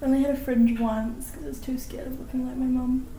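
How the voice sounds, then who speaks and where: A woman in the chair at a hair salon, softly chatting with her hairdresser. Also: sits high, level tone, fast talker, a little hiss or hum. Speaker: salon client. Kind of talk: casual chat during a haircut. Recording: roomy echo.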